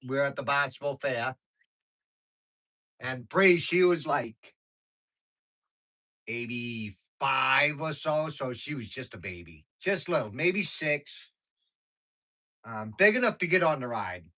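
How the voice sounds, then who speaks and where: Bright-voiced man rambling on a livestream. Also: mid-range voice, animated, takes it slowly, long pauses, poor audio. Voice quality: informal slangy speech. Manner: rambling, storytelling, laughs often. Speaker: livestream host. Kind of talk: casual chat with viewers.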